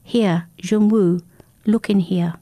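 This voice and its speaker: A woman voicing a calm temple monk in a storybook reading, speaking in a measured, deliberate way. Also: mid-range voice, no room sound, studio quality. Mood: grave.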